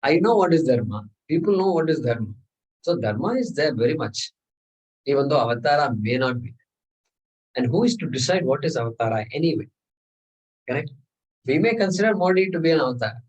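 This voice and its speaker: Man, scripture teacher, rhetorical lecture, slightly high voice, captured far from the mic. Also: animated, brisk, pauses often, a little mellow, slightly rough. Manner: discursive, rhetorical questions, chanted Sanskrit verses.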